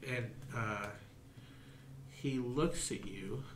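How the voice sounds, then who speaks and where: A man narrating a tabletop game as game master, in slow, halting narration. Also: medium pitch, pushed and bright, a little hiss or hum. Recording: roomy echo.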